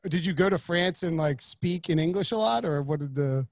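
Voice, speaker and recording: Brief: high-pitched male host, dry close sound, casual and rambly. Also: expressive, moderate pace, no room sound. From North Carolina, US. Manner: rambling, joking, many restarts. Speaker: podcast host. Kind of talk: casual podcast chat.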